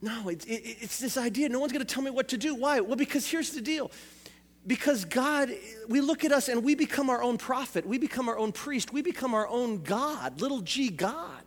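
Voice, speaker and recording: A man with a strikingly high voice preaches a sermon to his congregation. He asks rhetorical questions and repeats phrases for emphasis. His voice carries a long echo through a big church hall. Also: lively intonation, moderate pace. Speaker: pastor.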